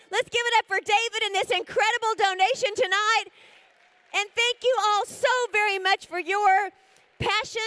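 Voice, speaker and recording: A woman runs a live charity auction in a very high voice. Her tone is bright and forceful. She coaxes the room playfully and chants bid amounts rapidly over and over. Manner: energetic, rapid bid-calling with repeated figures; coaxing and playful with the crowd.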